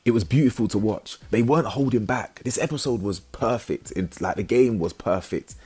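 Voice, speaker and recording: Husky man recapping bluntly. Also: fairly low pitch, normal speed. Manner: blunt, animated, slang-heavy, stumbling restarts. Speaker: reality TV reviewer. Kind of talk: casual recap commentary.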